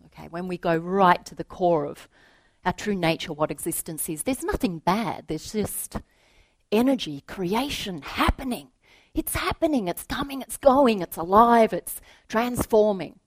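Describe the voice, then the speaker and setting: A woman giving a reflective spiritual talk, telling a story to make her point in a gentle voice that often drops to a soft hush. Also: mid-range voice, lively intonation, unhurried, no room sound. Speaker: spiritual teacher.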